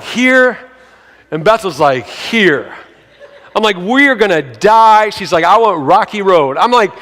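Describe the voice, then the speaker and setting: A male pastor preaching a sermon, telling a story with animated, acted-out voices and sudden shouts. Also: high voice. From grew up in a city. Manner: animated, acts out quoted voices, shouts for emphasis. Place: church sanctuary. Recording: long hall reverb.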